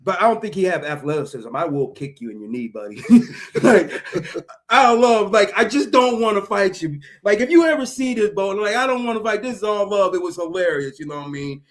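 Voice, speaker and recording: A man's voice: sits high, lively intonation, brisk. A man telling a story in casual, profane chat, acting out sound effects and voices and laughing often. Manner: profane, slangy. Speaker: podcast co-host.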